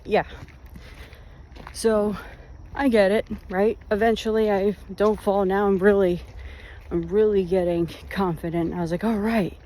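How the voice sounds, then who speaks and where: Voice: mid-range voice, flat delivery, a little slow, dark tone. A vlogger telling rambling, self-mocking stories while out on a walk. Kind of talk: casual storytelling on a walk. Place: outdoors, walking.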